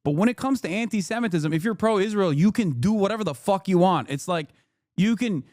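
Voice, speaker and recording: A man's voice: sits high, a little fast, no room sound, studio quality. A man reacting to a clip on a live stream, ranting, swearing and laughing in mockery. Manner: animated, swearing, laughing, mocking.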